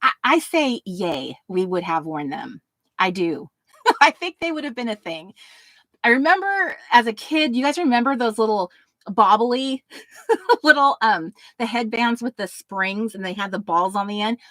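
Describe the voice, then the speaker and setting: A woman's voice: a little high, big pitch swings, unhurried, a bit bright, no echo. A woman hosting a casual live stream, bubbly and giggly as she greets viewers one by one by name.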